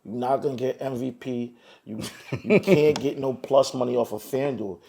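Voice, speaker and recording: A young man from New Jersey chatting as a podcast guest, streetwise and animated, often asking "you feel me" and acting out the lines he quotes. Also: mid-range voice, moderate pace, vocal fry. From Teaneck, New Jersey. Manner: animated storyteller, acts out quotes. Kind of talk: casual chat.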